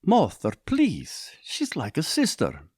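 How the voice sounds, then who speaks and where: An eager young inventor who talks up his ideas with lively, slightly defensive energy, voiced by a male reader. His lines come dry and close in a storybook reading. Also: on the high side, slow pace, husky, no echo, pitched above the performer's own voice, full character voice. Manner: excited, a bit defensive. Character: bookish young inventor, eager and mildly testy.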